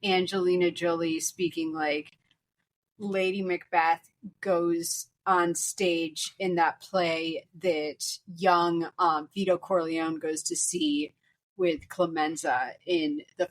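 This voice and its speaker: A woman's voice: lowish voice, steady tone, slow. A woman co-hosting a film podcast, joking and rambling with frequent restarts in casual chat. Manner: jokey, rambling, many restarts. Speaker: podcast co-host.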